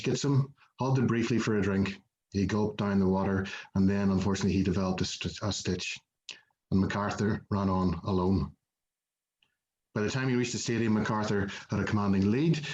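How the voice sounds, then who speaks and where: A man's voice: on the low side, a little mellow. A man, a museum manager giving a prepared conference presentation, reading steadily with frequent "uh" fillers. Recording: dull, lo-fi recording.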